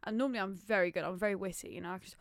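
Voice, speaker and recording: A woman's voice: medium pitch, rapid-fire, no echo. A young woman, co-hosting a podcast in a playful, teasing way. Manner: playful, teasing, laughs often. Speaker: podcast co-host. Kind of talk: casual chat.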